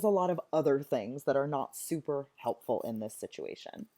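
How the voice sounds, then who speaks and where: A woman's voice: sits low, expressive, moderate pace, few pauses, warm tone. A woman teacher explaining a play in a chatty, enthusiastic way. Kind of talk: recorded literature lesson.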